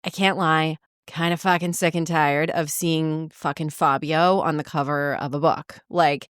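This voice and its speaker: A woman's voice: sits low, steady tone, measured pace, clean tone, no echo, studio quality. A woman co-hosting a book podcast, speaking bluntly and swearing freely in casual chat.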